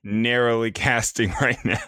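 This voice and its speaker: A man's voice: mid-range voice, fairly even intonation, a little slow, bright, forceful tone, smooth, dry recording. A young adult man co-hosting a podcast, joking dryly and rambling through casual chat. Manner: dry joking, rambling explanations. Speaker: podcast co-host.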